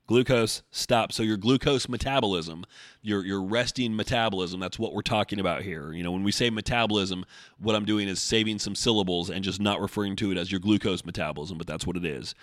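A man's voice: fairly low pitch, a bit bright, dry recording, studio quality. A man hosting a solo fitness podcast from his home desk, speaking conversationally and working through explanations with analogies, sometimes swearing when annoyed. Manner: conversational, explains with a traffic-cop analogy, flares into mild swearing. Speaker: podcast host. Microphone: desk microphone.

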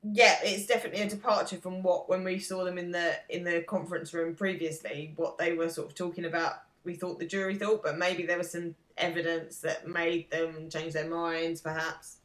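Her fairly low, fairly bright voice stays level at a normal speed with hardly any pauses as this thirty-something woman co-hosts a podcast. The recording has a roomy echo, and in the casual chat she weighs her views carefully, hedges, and is quick to laugh.

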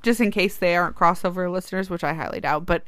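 A woman co-hosting a podcast in casual chat, chatty and quick to laugh. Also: lowish voice, fairly bright tone, clean tone, no echo. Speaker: podcast co-host.

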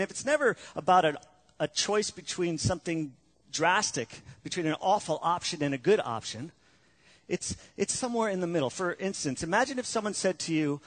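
High-voiced earnest male preacher. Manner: earnest, emphatic, rhetorical questions. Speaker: pastor. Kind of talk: sermon.

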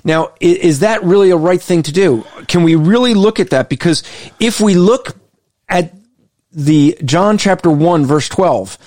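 A man giving critical Christian commentary, emphatic and argumentative, slowing down whenever he reads a quote aloud. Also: high-pitched, darkish tone, no room sound, studio quality. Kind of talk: critical commentary on a list of values.

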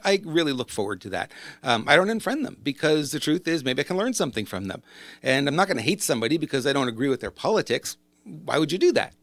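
A man's voice: fairly high pitch, fairly bright tone, dry recording. A man talking casually as a business coach, rambling and conversational, often correcting himself as he goes. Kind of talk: casual monologue to camera.

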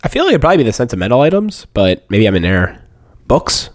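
A man's voice: mid-range voice, big pitch swings, fast talker, no echo, clean studio sound. A man co-hosting a podcast, telling stories in an easygoing casual chat. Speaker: podcast co-host.

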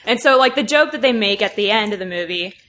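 A woman guest in a casual podcast chat, talking quickly and laughing often. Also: mid-range voice, lively intonation, a bit bright. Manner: quick, laughing nerd talk.

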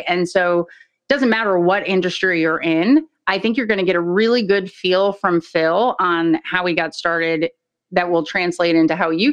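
A woman co-hosting a podcast, introducing a guest in an upbeat, casual way and stumbling over her words now and then. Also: on the low side. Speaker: podcast co-host.

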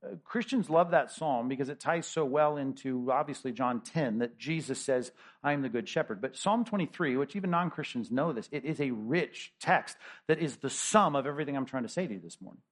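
A man's voice: medium pitch, a little fast. A middle-aged man, a pastor, preaching a sermon in a conversational, emphatic way, with rhetorical questions and frequent restarts.

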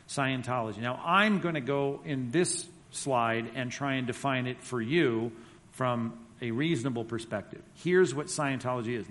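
A Bible teacher with a mid-range, slightly bright voice leads a church class using slides. He speaks conversationally and emphatically, reading quotes aloud, and a hall's long reverb surrounds his voice.

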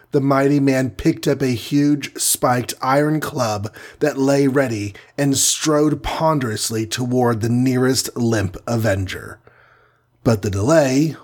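A man with a husky, mid-pitched voice narrating an action storybook. His reading is vivid and dramatic, leaning into each scene.

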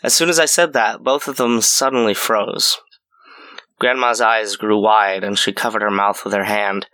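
A man narrating a scripted horror story in a measured storytelling way. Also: on the low side, steady tone, sharp tone.

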